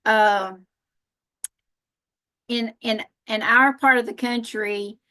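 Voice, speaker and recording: A woman's voice: fairly high pitch, steady tone, slow pace, sharp tone. A woman from Northern Alabama with a Southern accent, speaking on a live panel in a folksy, self-deprecating way and laughing often. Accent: Southern American. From Northern Alabama, USA. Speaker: panel speaker, spiritual practitioner.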